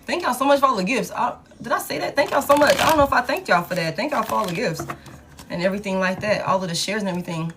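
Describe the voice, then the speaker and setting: A woman's voice: mid-range voice, expressive, fast, fairly bright tone, slight background noise. Chatty woman reading tarot live. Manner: casual, chatty, talks to viewers and reads cards aloud. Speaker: tarot reader.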